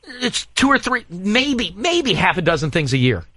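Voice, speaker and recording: A man hosting a morning radio show, telling stories in rambling, animated casual banter with frequent restarts. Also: sits high, normal speed, no echo. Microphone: studio microphone.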